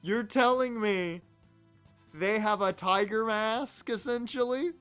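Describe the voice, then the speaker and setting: Man, game streamer, high voice, slow unhurried delivery, joking sarcastic commentary, faint music behind. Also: fairly bright tone, smooth. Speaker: let's play streamer. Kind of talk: casual gameplay commentary.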